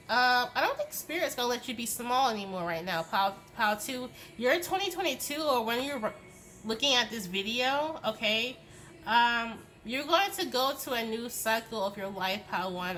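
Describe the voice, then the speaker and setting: A woman's voice: a little high, a bit bright. A young woman giving a casual tarot reading to camera, emphatic and swearing often, with many "okay?" tags as she delivers a tough-love pep talk. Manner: many "okay?" tag questions. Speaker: tarot reader.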